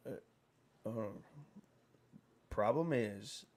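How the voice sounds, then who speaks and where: A man's voice: medium pitch, animated, very slow, darkish tone. A man hosting a livestream, telling a meandering anecdote in casual chat. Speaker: livestream host.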